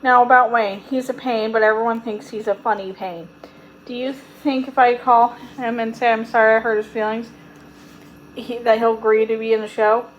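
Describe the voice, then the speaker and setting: A woman's voice: on the high side, fairly even intonation, dull audio, slight background noise, close to an everyday voice. A woman reading aloud voices an eager schoolgirl who talks in a rush. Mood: earnest. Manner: eager, apologetic, rushed. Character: lively schoolgirl putting on a show.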